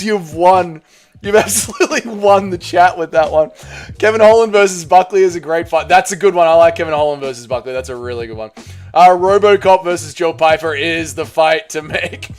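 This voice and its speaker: A man hosting a casual livestream, reading chat aloud, swearing often and excitedly thanking donors. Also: fairly high pitch, normal speed, faint music behind. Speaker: livestream host.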